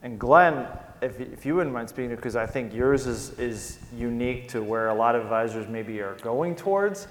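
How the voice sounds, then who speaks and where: A man's voice: medium pitch, animated, normal speed, hardly any pauses. A man moderating a panel discussion, asking guests long, conversational questions. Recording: long reverb in the room.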